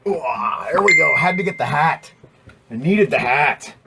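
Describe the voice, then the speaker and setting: A man's voice: a little high, lively intonation, moderate pace, vocal fry, loud music behind the voice. A man hosting a live stream from indoors, chatting casually and joking while he answers viewer questions. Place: indoors next to a window.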